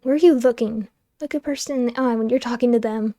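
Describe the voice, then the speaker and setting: A stern, berating woman with a mellow, low-toned edge, put on by a female gamer reading the game's lines. She barks demands and scolds without letting up. The voice sounds close and dry. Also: fast, dry recording, lightly acted. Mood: stern scolding. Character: harsh scolding middle-aged woman.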